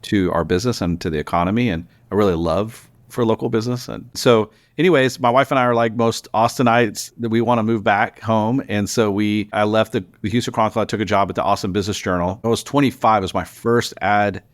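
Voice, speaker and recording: A man, a news publisher telling stories in a casual interview. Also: lowish voice. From Texas. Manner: animated storyteller, quick restarts. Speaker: guest, news publisher founder.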